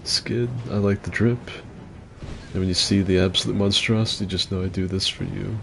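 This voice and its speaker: A man with a rough, gravelly voice giving crude, joking commentary on a game fight club and answering chat as the host. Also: low voice, fairly even intonation, normal speed, fairly bright tone, a little hiss or hum. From mixed heritage, partly Asian. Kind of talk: casual gaming commentary.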